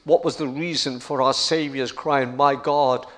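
A man preaching a sermon in a slow, deliberate way, repeating key phrases and building to emphatic passages. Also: mid-range voice, fairly even intonation, a bit bright.

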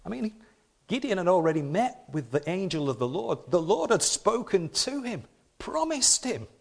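Male pastor, lively dramatic delivery, slightly higher voice, playful asides in a Sunday sermon. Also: normal speed, creaky. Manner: animated, dramatic scripture reading with playful asides.

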